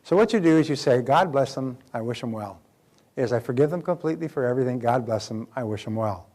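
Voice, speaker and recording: A man's voice: mid-range voice, expressive, fast talker, a little mellow. An older man giving a live motivational seminar lecture, speaking emphatically and putting rhetorical questions to the audience.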